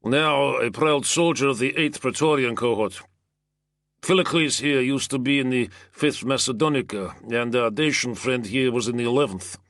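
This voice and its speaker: A man's voice: mid-range voice, normal speed, a bit bright, no room sound, clean studio sound, pitched above the performer's own voice, lightly acted. A man doing a shrewd, probing Roman guardsman. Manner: probing, calculating. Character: shrewd, probing male Roman praetorian soldier.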